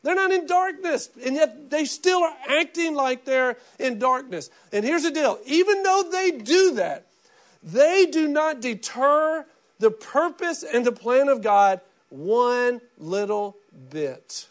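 A middle-aged man preaching a sermon in an animated, conversational way, often repeating words and acting out quoted voices. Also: very high-pitched, takes it slowly. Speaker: pastor.

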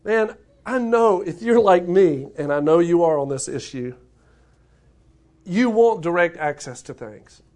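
High-pitched pastor preaching earnestly. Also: male voice, expressive, measured pace, mellow. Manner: earnest, repeats words, reads scripture then preaches. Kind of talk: sermon.

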